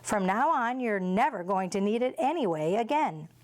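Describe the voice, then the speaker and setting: A woman's voice: mid-range voice, expressive, moderate pace, close to an everyday voice. A woman reading as an eccentric candy maker. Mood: brisk. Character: whimsical eccentric male candy maker, brisk. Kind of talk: read-aloud storybook.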